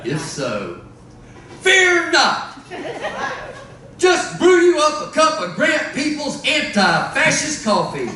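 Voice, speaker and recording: A man putting on a booming mock-infomercial announcer voice, pushing a product with a rousing sales pitch, in an echoey live venue heard from a distant mic. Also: huge pitch swings, slow pace, pauses often, background noise, full character voice.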